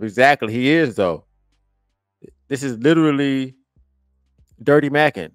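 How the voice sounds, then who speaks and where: A man streaming, reacting to a podcast clip with profane, animated ranting. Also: medium pitch, normal speed, no room sound, clean studio sound, soft background music. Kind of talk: casual reaction commentary.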